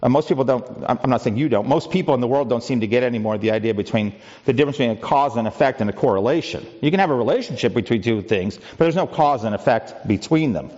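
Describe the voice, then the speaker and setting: A man's voice: mid-range voice, quick pace, hardly any pauses, a little mellow, muffled recording. A pastor preaching a conversational sermon, asking the congregation rhetorical questions and often restarting his sentences. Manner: frequent restarts and filler words.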